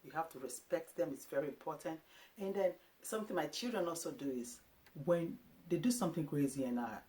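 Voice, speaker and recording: Woman in her thirties from Africa, parenting vlogger, casual and animated talk to camera, slips into quick impressions of herself and her kids. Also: deep voice. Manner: animated, acts out quotes of herself and her sons.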